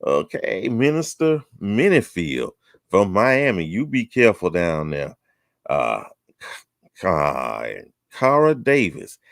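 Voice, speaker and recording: A very deep-voiced man hosts a relaxed chat show, greeting people with folksy teasing. His voice swings up and down a lot, and the sound is dry and close. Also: slow, creaky, no echo. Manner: folksy, teasing, drawling southern talk. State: out of breath. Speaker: host. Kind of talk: casual chat show welcome.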